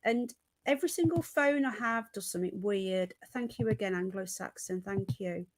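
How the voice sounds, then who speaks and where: A woman's voice: medium pitch, normal speed, no room sound. A middle-aged British woman hosting a casual livestream, reading out news and greeting viewers as she rambles along. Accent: British English. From Britain. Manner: chatty, rambling, greets viewers mid-sentence. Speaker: livestream host.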